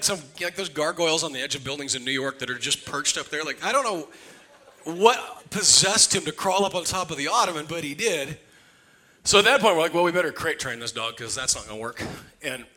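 A man preaching, telling a funny family story in a loose, conversational way. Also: a little high. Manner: conversational, jokey, animated. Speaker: pastor. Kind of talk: humorous sermon storytelling. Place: church sanctuary.

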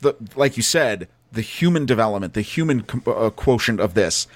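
A man's voice: lowish voice, lively intonation, moderate pace, dry recording. A man co-hosting a podcast, chatting casually and enthusiastically about films, often restarting his sentences. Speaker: podcast co-host. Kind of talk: casual movie chat.

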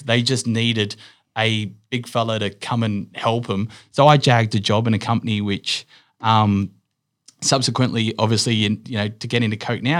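A middle-aged Australian man, a business owner being interviewed, telling stories casually with lots of fillers and restarts. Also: lowish voice.

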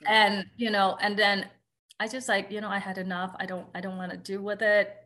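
A woman in her thirties speaks as a guest on an interview podcast, her voice sitting at an ordinary middle pitch. She talks in a candid, chatty way, filling her sentences with "like" and "you know". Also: flat delivery, a little fast, bright, forceful tone. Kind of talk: casual interview talk.

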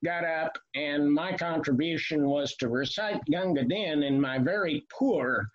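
A man in his seventies, with a voice a little higher than most men's, talks through his memories in a measured way, pausing often on "uh". The recording sounds dull and lo-fi. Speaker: author guest. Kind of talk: casual interview chat. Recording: lo-fi, muffled sound.

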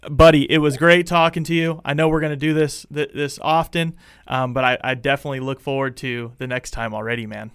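A young man hosting a casual sports fan show, excitable and rambling, full of restarts. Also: mid-range voice, a little fast, clean tone, dry recording, studio quality. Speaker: podcast host.

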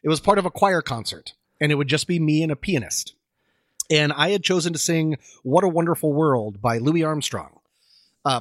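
A man's voice: on the high side, no room sound. A man in his forties co-hosting a podcast, telling a self-deprecating story and laughing often between lines. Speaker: podcast co-host. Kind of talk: casual podcast chat.

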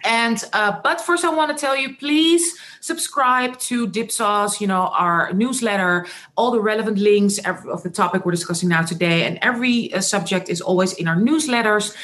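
A woman's voice: mid-range voice, normal speed. A woman with a Dutch accent hosting a podcast, talking eagerly and chattily over a video call. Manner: excited, talkative. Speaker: podcast host. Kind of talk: podcast intro chat. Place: at home in the city.

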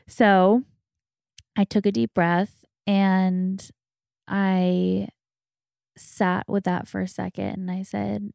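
A woman's voice: mid-range voice, flat delivery, slow, creaky, darkish tone, smooth, no echo, studio quality. A woman in her thirties hosting a podcast, telling her own story in a candid, reflective casual chat. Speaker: podcast host.

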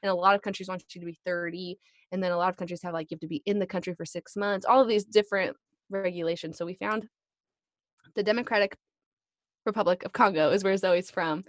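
A woman in her thirties, a podcast guest, telling a family story in a casual, animated way and acting out the voices of people she quotes. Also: lowish voice, fast talker, no room sound. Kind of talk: casual chat.

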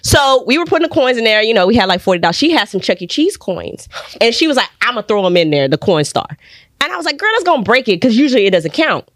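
A young woman from Texas, a podcast guest and actress, telling a personal story in an animated way and acting out other people's voices with sudden high jumps. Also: quick pace, no room sound, clean studio sound. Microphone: studio podcast mic.

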